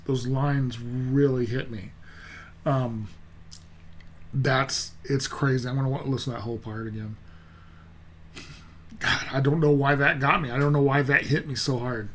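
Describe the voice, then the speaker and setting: A man hosting a music reaction video, talking casually and earnestly, often stumbling, repeating and restarting his words. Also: mid-range voice. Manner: earnest and openly heartfelt.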